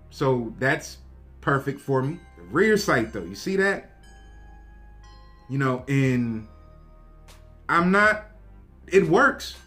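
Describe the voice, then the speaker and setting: A man casually reviewing a handgun, talking straight to his viewers in a relaxed, slangy way. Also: a little high. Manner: laid-back, slangy, talks to viewers directly. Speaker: gun review vlogger. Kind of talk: casual show-and-tell review.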